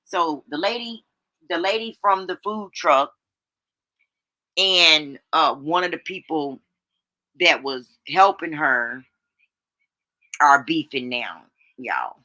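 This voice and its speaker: A woman hosts a casual motivational live stream in a bright, forward voice. Her talk is chatty and folksy, and she often turns back to her listeners to check in. The sound is dry and close, with no room echo. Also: sits low, lively intonation, slow pace, long pauses. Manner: chatty, folksy, keeps checking in with "right?" and "y'all". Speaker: livestream host. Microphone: streaming setup microphone.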